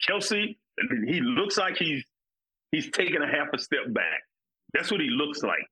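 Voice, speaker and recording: Lively husky-voiced man talking football. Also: a little high, measured pace, low-quality recording. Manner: emphatic, repeats points with "like" and "man". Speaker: podcast co-host, former football player. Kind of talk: casual sports talk.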